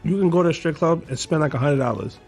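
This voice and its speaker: A man's voice: fairly high pitch, fast talker, a little mellow, husky, soft background music. A young man telling easygoing stories as a guest in a casual podcast chat.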